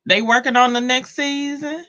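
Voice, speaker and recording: A woman's voice: high-pitched, steady tone, normal speed, fairly bright tone. A woman with a Southern accent chatting casually with viewers on a livestream, slangy and loose. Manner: slangy, laid-back, talks to chat. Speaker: livestream host. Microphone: phone. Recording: dull lo-fi phone audio.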